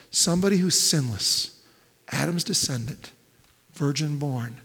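Fairly high-voiced preacher in a reverberant hall. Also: male voice, unhurried. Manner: dramatic swings between loud emphatic build-ups and hushed near-whispers. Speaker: pastor. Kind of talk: sermon. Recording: long reverb of a large hall.

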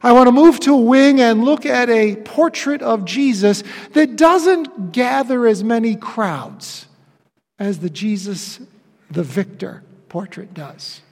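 A man with a high voice preaches a sermon in a church sanctuary, slow and deliberate. He leans on dramatic pauses and swings from ringing declarations to near-whispered phrases. His words trail off into the long reverb of the hall. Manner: emphatic, with dramatic pauses and swings from loud to hushed. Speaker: pastor.

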